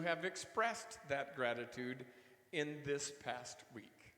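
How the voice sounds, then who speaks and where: Minister preaching in an echoey church. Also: male voice, medium pitch, slow, a bit bright. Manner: conversational, asks the congregation questions, repeats words. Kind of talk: gospel reading and homily. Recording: echoey church hall reverb.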